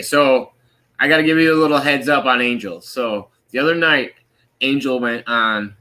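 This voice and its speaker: Bright-voiced man hosting a live stream. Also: mid-range voice. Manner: friendly, reads out viewer comments. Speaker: host of a live stream show. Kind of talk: casual chat.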